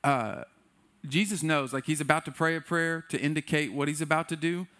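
A man's voice: fairly high pitch, fairly even intonation, fairly quick, fairly bright tone. A man preaching a sermon in a loose, conversational way, often acting out what people in the story say. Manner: conversational, playful, acts out quotes. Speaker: pastor.

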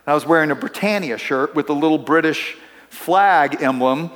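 A man's voice: on the high side, normal speed, fairly bright tone. A middle-aged man, a pastor, preaching a sermon in a church, talking in a conversational way and telling stories with asides to the congregation. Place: church sanctuary. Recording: long hall reverb.

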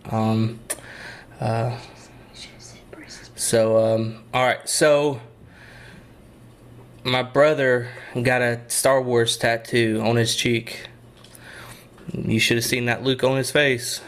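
Slow, hesitant man telling dad jokes. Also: medium pitch, fairly even intonation. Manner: slow, drawn-out delivery with hesitant ums between jokes. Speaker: joke teller in a try-not-to-laugh game. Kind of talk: casual joke swapping.

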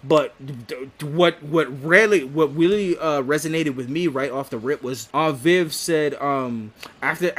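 A man's voice: on the high side, fairly bright tone. A man co-hosting a podcast, recapping a show episode in casual, profane talk, laughing often and restarting sentences. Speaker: podcast co-host.

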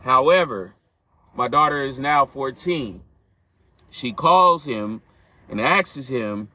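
Earnest man with a bright, forceful voice. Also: mid-range voice, animated, measured pace. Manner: earnest, reflective, speaks directly to listeners. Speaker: podcast host. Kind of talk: personal storytelling monologue.

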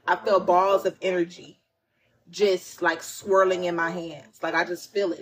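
A woman with a voice of ordinary pitch talks through a tarot reading. She is casual and profane and repeats her lines for emphasis. She speaks straight to her listeners as "y'all" and "honey bunnies". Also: poor audio. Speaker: tarot reader.

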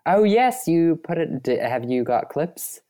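A man's voice: a little high, big pitch swings, measured pace, dark tone. A man co-hosting a podcast from a desk in his small apartment, chatting casually, laughing often and trailing off mid-thought. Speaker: podcast co-host. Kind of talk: casual chat.

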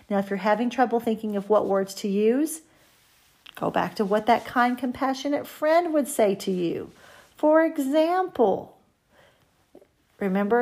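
A woman with a gravelly, fry-edged voice hosts a self-help podcast. She talks straight to her listeners in a chatty, encouraging way, like a coach walking them through an exercise. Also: mid-range voice. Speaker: podcast host.

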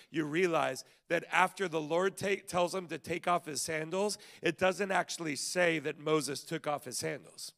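A man pastor giving a sermon at a church service in a lively, conversational way, with frequent stammered restarts. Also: a little high, gravelly.

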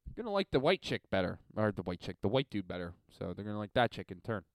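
A young man from Montreal hosting a podcast alone, ranting and swearing, swinging between loud and quiet. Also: lowish voice, very animated, quick pace, no room sound. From Montreal, Canada. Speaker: podcast host. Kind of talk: solo podcast rant.

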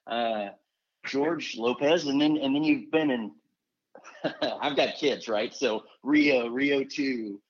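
A man with a husky voice hosts a relaxed podcast interview. He rambles and restarts his sentences often. The sound is somewhat muffled. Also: medium pitch, slow. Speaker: podcast host. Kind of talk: casual interview chat. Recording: dull lo-fi sound.

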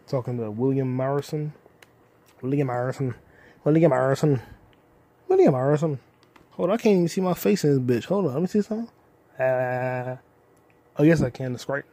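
A young man hosting a solo podcast, rambling in a casual, profane way with sudden loud outbursts. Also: mid-range voice, fairly quick, dry recording. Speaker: podcast host.

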